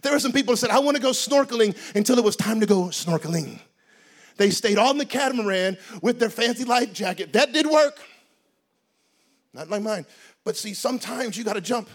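A man preaching a sermon in a lively, comic storytelling way, with bursts of shouting. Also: high voice, brisk.

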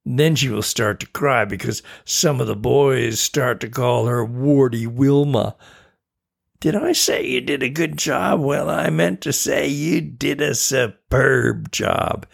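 A man's voice: medium pitch, vocal fry, voice pushed up, exaggerated voice. A man doing a gloating little trouble imp. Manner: mocking, drawn-out taunts. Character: sneering small male trouble imp, gloating.

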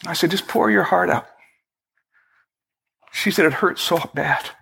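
Man, pastor, sermon, slow deliberate delivery, slightly high voice, church sanctuary. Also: vocal fry, pushed and bright, slightly rough. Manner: measured preaching with slow, emphatic prayerful quotes.

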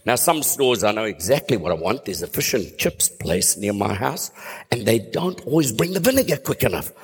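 A man preaching a sermon, swooping from hushed low tones to high exclamations. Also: very animated, moderate pace, breathy edge, long reverb tail. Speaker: pastor.

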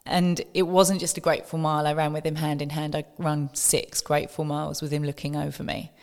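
Female guest, young adult, lowish voice, emotional storyteller, reverberant room. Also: a little fast. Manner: animated, quoting others in dialogue, emotional. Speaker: podcast guest.

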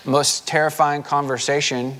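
Man preaching a relaxed folksy sermon. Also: a little high, normal speed. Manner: conversational, folksy preaching with filler words. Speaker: pastor.

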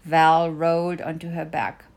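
A woman's voice: low voice, monotone, unhurried, gravelly. A middle-aged woman reading her own first-person memoir with dry, wry storytelling. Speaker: mother narrating a personal story.

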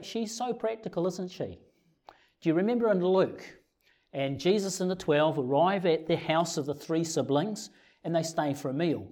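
Sermon, preacher, animated storyteller, mid-pitched voice. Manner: lively storytelling, acting out scripture quotes.

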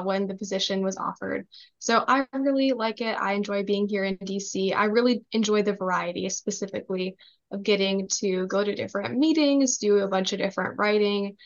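Young woman, 20s, Minnesota-raised podcast guest; friendly, measured delivery; slightly muffled audio. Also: mid-range voice. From Minnesota, USA. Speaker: guest, government relations assistant. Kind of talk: casual podcast interview.

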